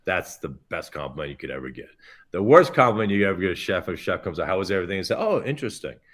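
A middle-aged chef, a man, telling self-mocking anecdotes in a podcast interview, full of quick asides. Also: low voice, animated, fairly bright tone. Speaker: chef guest.

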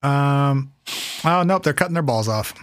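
A man's voice: mid-range voice, animated, unhurried, slight background noise. A man hosting a podcast in casual comedic chat, teasing his co-host with a wry, profane humor. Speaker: podcast host presenting cryptids.

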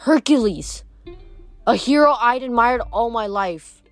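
A woman reading a novel aloud, steady and expressive. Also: on the high side, a little slow, soft background music. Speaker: reader. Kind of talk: audiobook narration.

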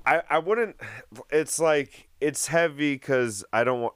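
A man's voice: on the high side, slow pace, clean tone, dry recording. A man, a musician guest in a casual interview, joking and playful, who slips into put-on accents.

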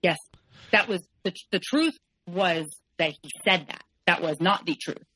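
A woman's voice: on the low side, measured pace, sharp tone, a little hiss or hum, poor audio. A woman in her forties, a podcast guest, telling a painful personal story candidly, often quoting what was said. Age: 40s. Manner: candid, tense retelling, quotes others in shifting voices.

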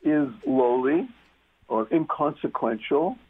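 A man's voice: mid-range voice, animated, takes it slowly, slightly rough. A man talking as a guest on a talk radio show, emphatic and repeating key words for stress. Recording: muffled phone-line radio sound.

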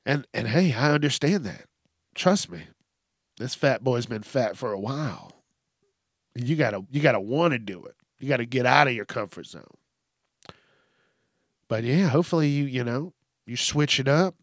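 A man's voice: medium pitch, lively intonation, moderate pace, long pauses, no echo, studio quality. A man hosting a solo podcast, joking and cursing often as he talks through listener questions. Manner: profane, joking, laughs often. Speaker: podcast host.

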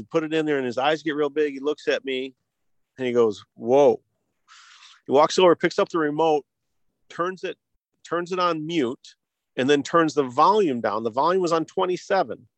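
A man from the United States, a guest on an interview show, telling a story in a halting way with many restarts and chuckles. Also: fairly high pitch, dry recording. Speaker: guest, hearing device company co-founder.

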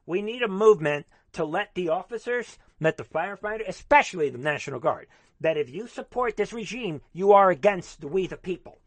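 A man's voice: high-pitched, expressive, brisk, dry recording. A man delivering a fervent, rambling monologue as a commentator, repeatedly calling out to his audience. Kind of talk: ranting political monologue.

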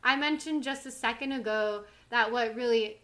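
A woman's voice: a little high, normal speed, sharp tone. A woman co-hosting a podcast in casual chat, chatty and laughing often. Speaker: podcast co-host.

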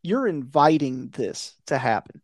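A man's voice: on the high side, big pitch swings, a little slow, no room sound. Blunt, profane man ranting in a dry room. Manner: conspiratorial tone. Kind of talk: casual chat.

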